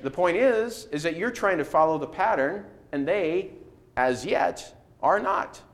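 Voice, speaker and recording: A man leads a Bible class with a lively, swinging voice pitched a little high. He teaches through strings of rhetorical questions. He acts out the replies he quotes. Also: measured pace.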